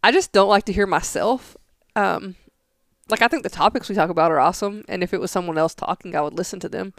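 A woman's voice: medium pitch, quick pace, no room sound, clean studio sound. A young woman co-hosting a casual podcast, rambling and arguing her point with many fillers. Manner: rambling, argumentative, filler-heavy. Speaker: podcast co-host.

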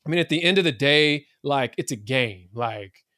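A man co-hosting a casual sports podcast, opinionated and animated, with many fillers and restarts. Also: medium pitch, moderate pace, no echo, studio quality. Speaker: podcast co-host.

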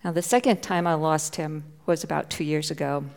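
Woman pastor, gravelly voice in a hall. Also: low-pitched, fairly even intonation, a little fast, a little mellow. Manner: personal storytelling, heartfelt, drops to near whisper at tense moments. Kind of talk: sermon. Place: church.

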